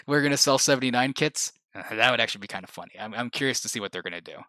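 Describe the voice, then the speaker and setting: A man's voice: medium pitch, expressive, fast, bright, forceful tone, dry recording. A man hosting a livestream, rambling casually, restarting sentences and laughing at his own remarks. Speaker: livestream host.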